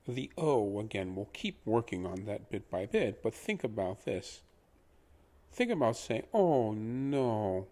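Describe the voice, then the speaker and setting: A man teaching pronunciation in a patient lesson, repeating each word slowly for the listener to copy. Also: on the low side, a little mellow. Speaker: language teacher.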